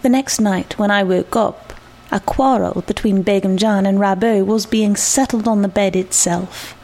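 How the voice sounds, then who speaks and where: A woman reading a short story aloud, measured and reflective. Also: medium pitch, fairly even intonation, a little mellow. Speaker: narrator.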